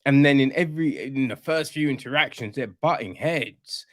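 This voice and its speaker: A man's voice: mid-range voice, moderate pace, a bit bright, no room sound, clean studio sound. A man reviewing a film on a podcast in a casual, sarcastic rant, swearing freely and rambling with restarts. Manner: rambling with restarts and "you know what I mean".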